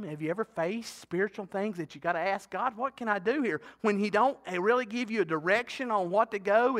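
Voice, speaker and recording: A man's voice: very high-pitched, bright, forceful tone. A middle-aged man preaching a sermon in a folksy, talkative way, often asking the congregation questions. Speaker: pastor.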